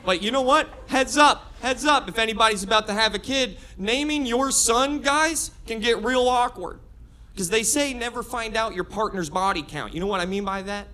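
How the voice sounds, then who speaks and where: A man in his thirties doing a stand-up comedy set, brash and building into shouted rants. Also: very high voice, moderate pace. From Florida. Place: comedy club stage with audience laughter.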